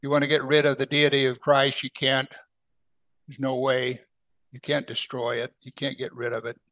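A man preaching a Bible sermon, emphatic, lifting his voice on key words and then dropping it soft. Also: mid-range voice, completely flat delivery, moderate pace, no echo. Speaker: pastor.

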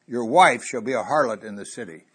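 A man preaching a sermon, telling a Bible story and getting louder when he quotes scripture. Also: mid-range voice, a little fast, husky. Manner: animated, rising loud on quoted scripture.

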